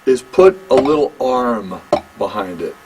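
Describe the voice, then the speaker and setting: Man, drum teacher, slow deliberate talk, halting self-corrections, private lesson, faint background hiss. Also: mid-range voice, animated. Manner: slow, halting explanations with restarts and check-ins. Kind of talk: one-on-one instrument lesson.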